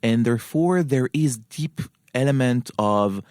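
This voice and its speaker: A man's voice: medium pitch, unhurried, darkish tone, no echo, clean studio sound. A man from Israel with an Israeli accent, a guest scholar explaining his views earnestly in an interview and often checking in with "right?". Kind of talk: interview conversation.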